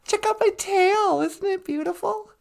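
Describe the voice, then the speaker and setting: A woman doing a vain boastful beaver, slow and gravelly. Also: very high-pitched, a little mellow, pitched above the performer's own voice, heavily acted. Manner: boastful, whiny. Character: vain proud male beaver, boastful and sulky.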